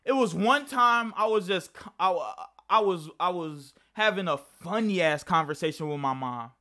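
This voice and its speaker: A man's voice: sits high, expressive, normal speed, pushed and bright. A young man telling a casual personal story to camera, rambling and profane, often restarting his sentences. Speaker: vlogger.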